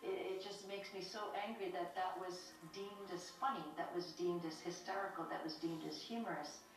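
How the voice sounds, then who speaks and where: An American woman giving a documentary interview, earnest and impassioned, often pausing to restart her phrases. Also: lowish voice, fairly even intonation, faint music behind. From United States. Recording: echoey, distant, slightly noisy.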